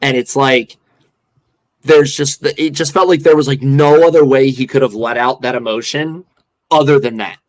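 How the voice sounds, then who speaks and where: A man co-hosts a casual podcast chat at a mid pitch. He rambles, restarts his thoughts and leans hard on filler words. His voice is plain and easygoing. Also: moderate pace, poor audio. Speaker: podcast co-host.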